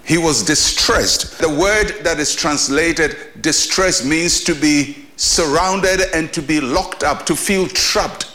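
A man's voice: a little high, slow pace, hardly any pauses, sharp tone. A man preaching a short devotional sermon as a pastor, earnest and emphatic, with repeated phrases and questions to the listener.

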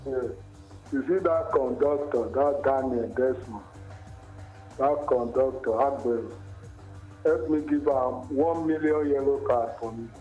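A Nigerian man phones in to a radio show with a mellow voice, complaining and mixing Pidgin into his talk. The line sounds dull and muffled, with faint music behind. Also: medium pitch, a little slow, breathy edge. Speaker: caller.

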